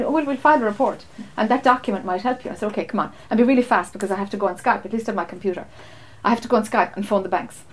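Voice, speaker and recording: Woman, spiritual teacher, animated storytelling, acts out her own lines, fairly high voice. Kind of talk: storytelling talk to a group. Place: meeting room.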